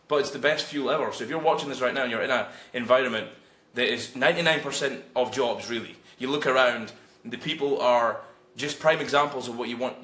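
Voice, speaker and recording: Late-20s male guest, blunt and profane, lively storytelling, bright tone in an echoey room. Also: medium pitch. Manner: blunt, swears freely, animated storytelling. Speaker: guest, freelance copywriter. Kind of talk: casual storytelling in conversation. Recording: roomy echo.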